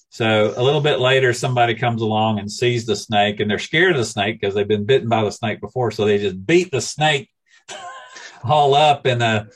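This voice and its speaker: A man's voice: lowish voice, moderate pace. A man leading a study group, teaching informally with a rambling, hesitant manner and many restarts.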